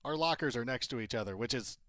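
A man's voice: mid-range voice, expressive, fast talker, a bit bright, no echo, studio quality. A man co-hosting a sports podcast in casual chat, teasing and enthusiastic. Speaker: podcast co-host.

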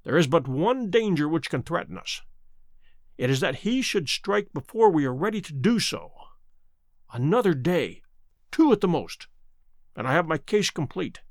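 A man voicing a grim, commanding male detective who speaks low and urgently, in an audiobook reading. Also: sing-song, moderate pace, no room sound, studio quality. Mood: grave.

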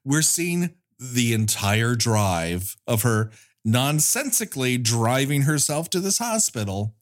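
A man hosting a podcast, recapping a bad movie with sarcastic, profane jokes and quick acted-out quotes. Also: medium pitch, big pitch swings. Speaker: podcast co-host.

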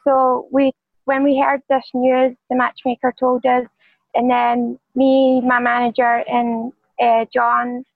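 A woman with a Scottish accent, a professional fighter answering interview questions in a quiet, soft-spoken way. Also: fairly high pitch, monotone, slow, no room sound, phone-quality sound. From Scotland.

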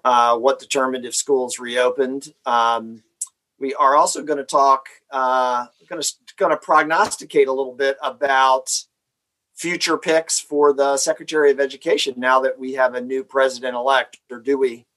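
A man hosting an education podcast, talking in a relaxed, chatty way with his co-hosts. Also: mid-range voice, low-quality recording. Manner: relaxed, chatty, reads sponsor copy quickly. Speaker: podcast host. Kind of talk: casual podcast chat.

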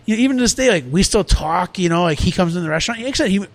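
A man's voice: sits high, lively intonation, rapid-fire, dry recording. Earnest man rambling in casual talk. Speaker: restaurant owner. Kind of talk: casual podcast conversation.

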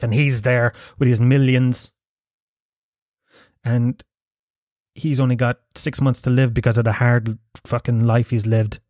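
A podcast host rambles through a profane monologue, laughing at his own jokes as he rants casually. His voice is medium-pitched and darkish, recorded clean in a studio with no echo.

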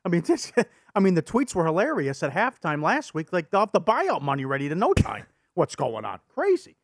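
A man's voice: a little high, wildly swooping pitch, brisk, no room sound, studio quality. A man co-hosting a sports betting talk show, laughing easily and reading ads in a casual way. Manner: laughs often, chewing and mumbling at times.

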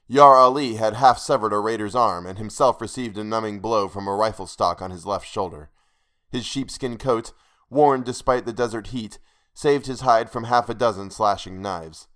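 A man narrating a pulp adventure story in a steady, dramatic reading. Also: fairly low pitch. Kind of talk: audiobook narration of pulp fiction.

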